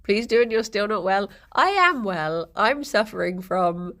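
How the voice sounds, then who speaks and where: A young woman streamer in casual chat with her viewers, her voice husky after a late night, chatty and giggly. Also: mid-range voice, animated, a little slow, fairly bright tone.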